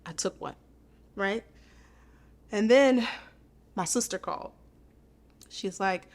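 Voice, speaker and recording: A woman's voice: medium pitch, slow pace, pauses often. A woman guest on a podcast, telling a hard personal story in an earnest, intimate way, often repeating her phrases.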